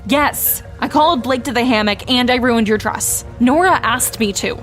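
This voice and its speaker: An envious young woman speaks bluntly, her resentment showing, as the woman narrator puts her on. Her voice sits fairly high, with soft music in the background. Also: normal speed, lightly acted. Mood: bitter.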